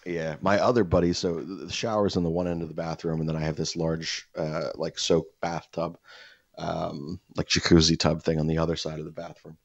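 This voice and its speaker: Young male podcast host, very low voice, rambling, profane storytelling, dry lo-fi sound. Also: little pitch movement, a little fast, no room sound. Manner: rambling, profane, many fillers and restarts. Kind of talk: casual storytelling chat.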